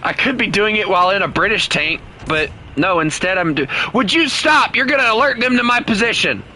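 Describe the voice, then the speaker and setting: A man's voice: high-pitched, fairly quick, sharp tone, slight background noise. A man putting on a jokey, exaggerated Australian accent as a cheeky bloke while chatting with friends during gameplay. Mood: joking. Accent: put-on Australian. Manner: jokey, teasing, sprinkles "crikey" and "mate".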